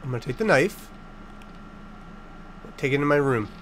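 A man hosting a casual let's-play, joking sarcastically and blurting loud startled reactions. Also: medium pitch, lively intonation, moderate pace, a little hiss or hum. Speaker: gaming channel host.

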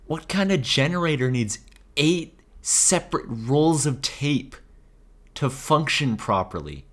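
A man giving sarcastic, jokey let's-play commentary on horror games, reacting loudly to scares. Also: fairly high pitch, sing-song, slow pace. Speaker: gaming YouTuber. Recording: game music behind the voice. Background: game music.

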